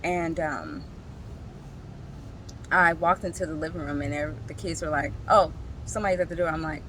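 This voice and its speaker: A woman and single parent, slowly sharing a personal emotional story in a reflective vlog, tearful at times. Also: sits low, a bit bright, slight background noise, poor audio. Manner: slow, halting, emotional storytelling.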